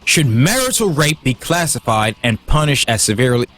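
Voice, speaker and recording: A man's voice: medium pitch, big pitch swings, moderate pace, fairly bright tone, soft background music. A man hosting a livestream, heated and profane, stumbling over restarts as he gets worked up. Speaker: livestream host. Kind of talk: casual livestream rant.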